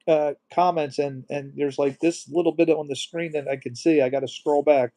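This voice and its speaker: A middle-aged man hosting a casual live stream, talking softly and emotionally while reading viewer comments aloud. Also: fairly high pitch, fairly even intonation, normal speed.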